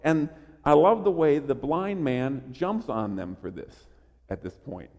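A man preaching a sermon in an emphatic, animated way, often restarting his phrases. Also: fairly high pitch, measured pace, in a large hall. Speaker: pastor.

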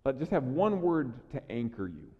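A man preaching a sermon as a pastor, talking conversationally and swinging between quiet asides and louder emphasis, often repeating words as he restarts. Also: mid-range voice, sing-song, normal speed. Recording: echoey hall, dull lo-fi sound.

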